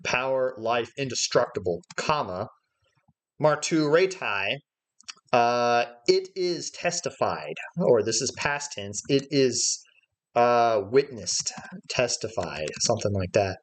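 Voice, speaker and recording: A man teaching a livestreamed Bible study in an ordinary mid-range voice. He works through Greek terms one at a time and thinks aloud, pausing often on "uh" as he explains. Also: mid-range voice, lively intonation. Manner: explains Greek words step by step, thinking aloud with frequent "uh" fillers. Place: church livestream.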